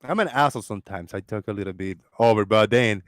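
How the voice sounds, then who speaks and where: An excitable man with a Floridian accent hosts a casual live stream. He rambles and restarts his sentences, and his voice sits close and dry on the mic with no room sound. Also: on the low side, quick pace, clean tone, no echo. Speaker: host of a live call-in discussion.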